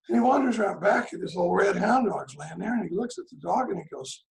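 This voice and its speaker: Gravelly joking man on a video call. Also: sits high, animated, quick pace, echoey room, rough recording. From Texas. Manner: joking, folksy storytelling. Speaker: AA meeting speaker. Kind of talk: recovery meeting share.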